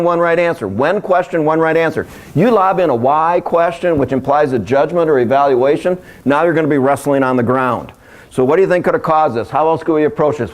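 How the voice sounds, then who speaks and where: Man leading a lively workshop seminar. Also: a little high. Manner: lively, joking, engages the audience directly. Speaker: workshop speaker. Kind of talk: live seminar presentation.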